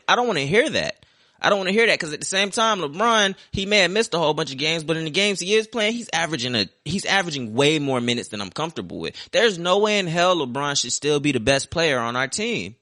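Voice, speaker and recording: A young man rants about sports on a podcast, heated and sarcastic and swearing freely. His voice is bright and forceful, and sits a bit higher than most men's. The sound is dry and close, with no room echo. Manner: heated, profane, sarcastic ranting. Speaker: podcast host. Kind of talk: ranting sports talk.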